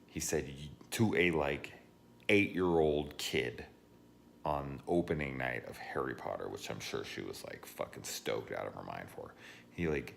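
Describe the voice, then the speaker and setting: A man telling profane, animated stories in a casual vlog rant, laughing as he goes. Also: a bass voice, unhurried, creaky, a little hiss or hum. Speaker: horror movie reviewer.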